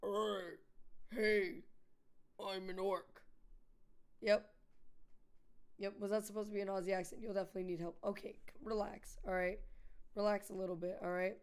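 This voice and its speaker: A woman's voice: medium pitch, flat delivery, a little mellow, clean tone. A young woman streaming a game, chatting casually with her chat and swearing freely. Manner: swears freely, quick reactive banter with chat. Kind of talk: casual live-stream chat while gaming.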